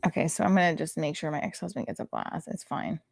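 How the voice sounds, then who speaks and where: A woman in her thirties doing casual, profane stand-up on a livestream, rambling with many fillers and often talking quietly. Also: sits low, expressive, fast talker, vocal fry. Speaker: stand-up comedian.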